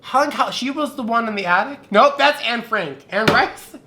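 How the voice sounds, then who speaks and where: A man's voice: extremely high pitch, expressive, normal speed, heavy background noise. A young man chatting campily on camera during a drinking game, sassy and irreverent, recorded at home on the camera mic. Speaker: vlogger.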